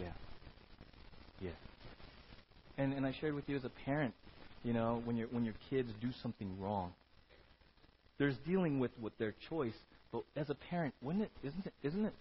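A male pastor preaching a sermon in an animated way, often checking in with "right?", in a dull lo-fi recording. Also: mid-range voice, a little hiss or hum. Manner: animated, keeps asking "right?".

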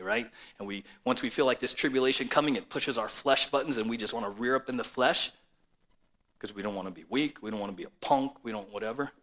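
A man preaching a sermon to a congregation and viewers at home, swinging between loud declarations and soft, low asides. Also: fairly quick. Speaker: pastor.

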